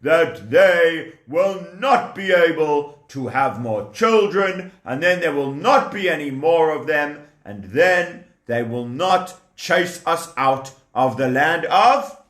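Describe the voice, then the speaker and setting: A man voicing a scheming Egyptian king as a gruff pirate, growling and bossy, for a children's storybook tale. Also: a little high, lively intonation, slow, few pauses, a bit bright. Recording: echoey room.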